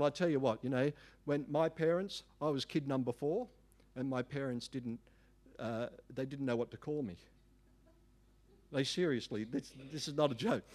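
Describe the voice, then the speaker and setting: A middle-aged man, preaching a sermon in an emphatic, animated way with folksy asides. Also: fairly high pitch. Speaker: pastor.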